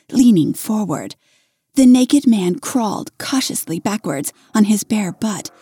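A woman narrating an erotic horror audiobook in a slow, unhurried storytelling manner. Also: mid-range voice, mellow, husky, no room sound, studio quality.

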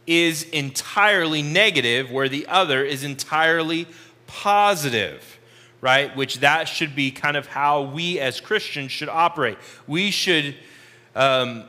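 Slow, bright-voiced Bible study teacher, man. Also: fairly high pitch, big-room sound. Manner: slow, deliberate explaining with repeated phrases.

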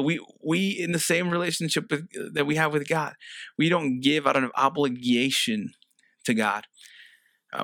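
A man's voice: medium pitch, a bit bright, dry recording. A man preaching a sermon as a pastor, earnest and conversational, often restarting phrases.

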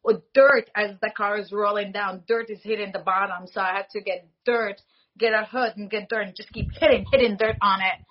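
A woman in her forties, a foley artist, telling stories in an animated way and acting out the dialogue she quotes. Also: medium pitch, brisk, muffled recording. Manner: animated, acts out quoted dialogue, laughs often. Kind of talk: casual interview storytelling.

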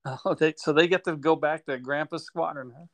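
A man's voice: a little high, steady tone, brisk. A man interviewing a fellow alumnus, mostly giving short affirmations and chuckling along. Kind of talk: casual interview chat.

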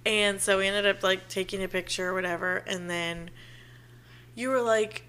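A woman's voice: medium pitch, fairly even intonation, moderate pace, bright, forceful tone, smooth. A young woman co-hosting a casual chat, telling a story animatedly, acting out quotes and laughing often. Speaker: podcast co-host.

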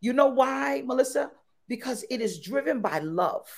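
Woman guest, animated and exuberant, voice leaping all over, sits a bit high. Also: normal speed. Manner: exuberant, repeats phrases, bursts into high excited tones. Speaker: podcast guest. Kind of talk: animated interview chat.

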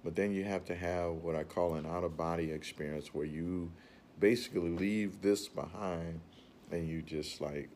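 A man with a very low, deep voice gives an informal motivational talk. He speaks earnestly and rambles, often repeating his words as he works toward a point. Faint room ambience sits behind him. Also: fairly even intonation, moderate pace, darkish tone, a little hiss or hum.

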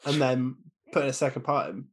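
A man's voice: mid-range voice, fairly quick, slightly rough. A man co-hosting a podcast, chatting in easygoing, agreeable banter. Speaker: podcast co-host. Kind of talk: casual podcast chat.

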